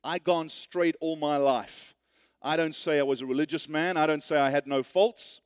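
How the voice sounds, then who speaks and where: A man voicing the ghost of a working man who insists on his rights, raising his voice higher and louder as he complains. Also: steady tone, normal speed, smooth, no room sound, clean studio sound, close to an everyday voice. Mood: boastful. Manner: indignant, insistent, blustering.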